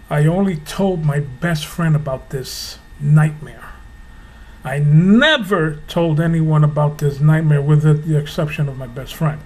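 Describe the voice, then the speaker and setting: A middle-aged man giving an impassioned, preachy monologue to camera, hammering home rhetorical questions slowly and with emphasis. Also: fairly high pitch. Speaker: religious video host.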